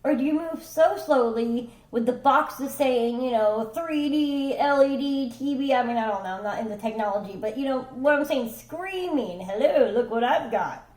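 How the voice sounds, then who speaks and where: A woman with a somewhat high voice talks through a tarot reading in a loose, rambling way. She keeps checking in with her listener and swears offhandedly. The room around her is noticeably echoey. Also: normal speed, hardly any pauses, a little mellow. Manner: rambling, conversational, swears casually, checks in with "okay?" and "right?". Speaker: tarot reader. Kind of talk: casual tarot reading monologue.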